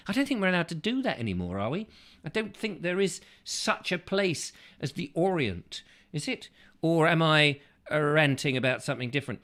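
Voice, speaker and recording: A man's voice: a little high, animated, moderate pace, a bit bright. A man hosting a casual show, reading out viewer comments in a playful, rambling way that keeps slipping into silly voices. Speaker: host.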